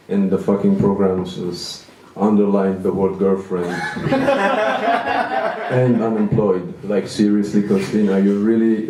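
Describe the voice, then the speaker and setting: A man's voice: low-pitched, mellow, recorded from a distance, slight background noise. A man in his thirties doing a stand-up comedy set, self-deprecating and rambling with restarts, in a small venue. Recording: echoey room, mic from afar.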